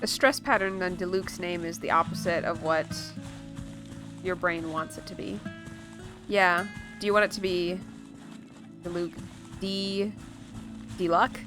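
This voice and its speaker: In a casual livestream over gameplay, with game music underneath, a woman thinks out loud in a playful way and repeats words to test them. Her voice is on the low side, delivered at a moderate pace with fairly even intonation.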